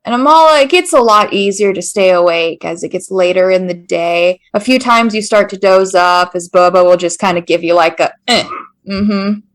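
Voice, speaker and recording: A woman's voice: medium pitch, moderate pace, few pauses. A woman running a tabletop game as game master, narrating in a loose, casual way.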